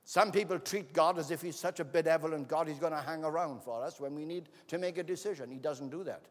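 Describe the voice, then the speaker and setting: A man preaching a sermon in an auditorium, telling a story dramatically, acting out the voices and building to shouts. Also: fairly high pitch, quick pace. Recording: long hall reverb.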